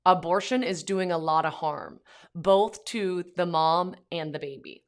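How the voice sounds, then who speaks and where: A woman with a notably low voice talks earnestly on her own podcast, loose and conversational. She fills her pauses with ums and likes, and her sentences wander and restart. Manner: earnest, conversational, many fillers. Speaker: podcast host. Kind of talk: casual monologue.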